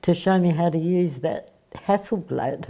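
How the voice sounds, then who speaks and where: A woman telling an anecdote in an interview, unhurried and pausing often. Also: lowish voice, mellow. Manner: unhurried storytelling with hesitations.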